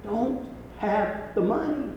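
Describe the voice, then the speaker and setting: A man voicing a desperate young mother who pleads softly in a sermon story, heard in an echoey hall. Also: very high voice, animated, unhurried, recorded from a distance, highs cut off, a little hiss or hum, pitched above the performer's own voice. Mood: pleading. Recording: echoey hall with long reverb.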